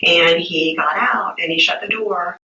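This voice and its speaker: Woman stumbling thru her story to a cop, bright voice, echoey far-off muffled tape. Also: on the low side, a little slow, gravelly. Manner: hesitant, stumbling, repeats words. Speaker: witness in a police interview. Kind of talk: recounting events to a detective. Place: police interview room. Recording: muffled roomy archive interview tape, distant.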